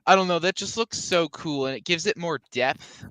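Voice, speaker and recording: A man with a bright, crisp, fairly high voice chats casually as a guest. He hedges a lot, padding his points with fillers, and the sound is dry and close. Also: normal speed, no room sound, poor audio. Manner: hesitant, full of filler words. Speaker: podcast guest. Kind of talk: casual chat.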